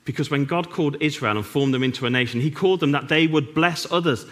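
A man preaching a sermon, earnest with dry humour and emphatic pauses, in a church. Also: fairly high pitch.

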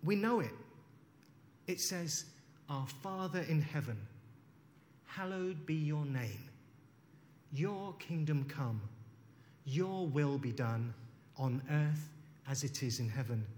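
A preacher delivers a sermon at a measured, unhurried pace, reading scripture aloud and reflecting on it. His fairly high voice is animated and a little mellow, with a long reverb trailing through a large hall and slight background noise.

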